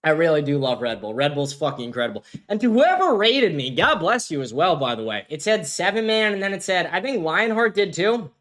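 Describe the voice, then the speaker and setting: A man's voice: on the high side, big pitch swings, brisk, hardly any pauses, a bit bright. A man hosting a livestream, ranting casually and combatively with a lot of profanity. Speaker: livestream host.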